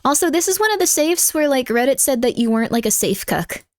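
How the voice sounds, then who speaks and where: A woman's voice: high-pitched, very animated, fast, no room sound. A woman streamer chatting casually with her viewers. She coos baby talk at her cat and makes playful, over-the-top mock threats. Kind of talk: casual live-stream chat.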